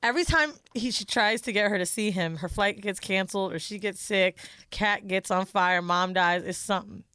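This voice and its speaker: A woman's voice: mid-range voice, moderate pace, clear, resonant tone, dry recording, clean studio sound. A young woman co-hosting a podcast, retelling a reality show with lots of swearing and acted-out quotes in casual chat. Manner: animated storyteller, swears freely, acts out quotes. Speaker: podcast co-host.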